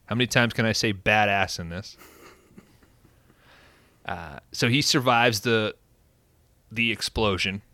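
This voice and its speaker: Bright, crisp-voiced man recapping a film. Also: on the low side, no echo. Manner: excited and profane, animated storytelling. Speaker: podcast host.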